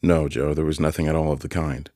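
Man reading a quiet downcast boy, very deep voice, dry close sound. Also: little pitch movement, fast talker, dry recording. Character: ashamed, troubled young boy confessing.

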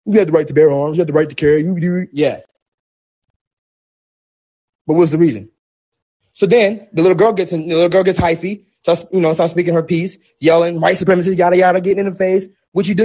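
A man with a high, husky voice recounts events in a heated, casual way. His speech is emphatic and repetitive, slangy and full of restarts. It sounds like an animated conversation. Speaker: protest organizer. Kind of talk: heated personal storytelling in a discussion.

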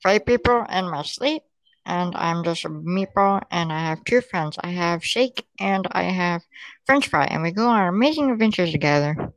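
Goofy meatball character, woman voicing it, low for her, rambling, halting, fillers. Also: expressive, no room sound, poor audio. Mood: silly. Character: goofy cheerful talking meatball, childish.

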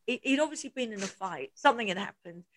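Woman, podcast co-host, casual chat, laughs a lot, slightly high voice. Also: quick pace, slight background noise. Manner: animated, laughs often, acts out quotes.

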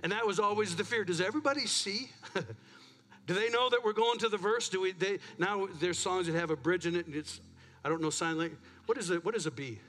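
A man's voice: sits high, brisk, fairly bright tone. A man pastor preaching a sermon in a church, chatty and self-deprecating, a bit out of breath. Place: church sanctuary.

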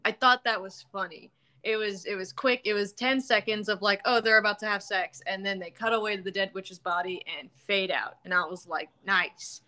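A woman's voice: mid-range voice, fairly even intonation, moderate pace, bright, forceful tone. A woman hosting a podcast in casual chat, talking loosely with lots of ums and casual swearing. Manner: chatty, swears casually, many fillers. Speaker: podcast host.

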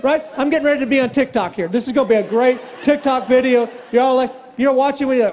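A male pastor with a very high voice tells a comic story from the pulpit, acting out every line of the exchange. His speech is animated and self-mocking. A long reverb from the big church hall trails after each phrase. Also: fast, few pauses, some chatter behind. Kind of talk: storytelling sermon. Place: large church sanctuary.

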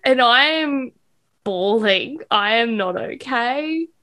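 A woman co-hosting a book podcast, recapping the plot in a casual, animated way and acting out the characters' lines. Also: a little high, slow. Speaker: podcast co-host.

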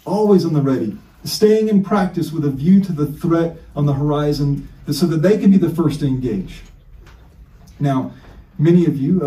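A man's voice: a little high, dark tone, reverberant. A male pastor preaching an emphatic sermon full of rhetorical questions, heard from a distance in a church.

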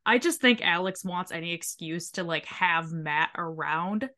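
A woman co-hosting a casual podcast, recapping a reality show in an animated, profane way and acting out quotes. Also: fairly low pitch, unhurried. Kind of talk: casual chat.

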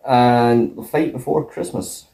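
Man, podcast co-host, mellow warm tone, casual sitcom chat, laughs a lot. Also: medium pitch, fairly even intonation, takes it slowly, creaky. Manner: laughs often, jumps in with quoted lines.

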